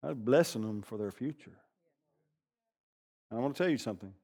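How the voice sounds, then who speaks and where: An older man preaching a sermon, animated, swinging from loud bursts to hushed asides. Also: medium pitch, fairly quick. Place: church sanctuary. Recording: long reverb of a large hall.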